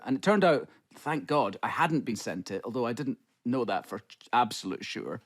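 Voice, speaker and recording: A man's voice: mid-range voice, expressive, normal speed, few pauses. A man in his fifties with a Scottish accent, telling a story as a guest in a casual, self-deprecating way. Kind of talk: casual conversation.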